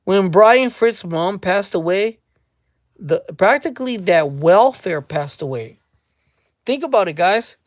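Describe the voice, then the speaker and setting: A woman's voice: medium pitch, animated, takes it slowly, no room sound. Dry-voiced woman ranting on camera. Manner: mocking, speculative, repeats phrases. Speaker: commentary channel host. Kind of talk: casual commentary rant.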